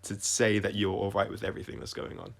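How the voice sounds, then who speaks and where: A man talking through his own songs on a casual livestream, reflective and halting, often restarting his sentences and trailing off quietly. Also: on the low side, completely flat delivery, vocal fry. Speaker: singer-songwriter explaining his songs.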